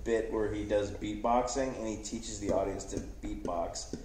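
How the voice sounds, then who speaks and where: A man's voice: fairly low pitch, fairly even intonation, moderate pace, darkish tone, slight background noise. A man, a guest comedian, telling a rambling, self-deprecating story in casual podcast chat. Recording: roomy podcast room.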